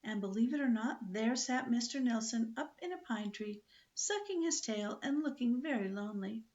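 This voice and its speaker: An older woman reading a children's book aloud in a lively, expressive storytelling manner. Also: on the high side, moderate pace, dull audio.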